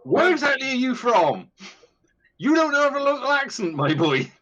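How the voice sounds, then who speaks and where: A man's voice: very high voice, very animated, normal speed, a bit bright, exaggerated voice. A man voicing a grumpy, stubborn male halfling who talks bluntly and swears mildly. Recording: dull lo-fi sound.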